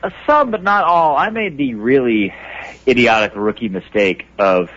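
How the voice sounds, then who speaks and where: A man's voice: medium pitch, lively intonation, normal speed, fairly bright tone, dry recording, dull audio. A man calling in as a guest on a radio show, wry and self-mocking. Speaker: phone guest. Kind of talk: casual radio chat.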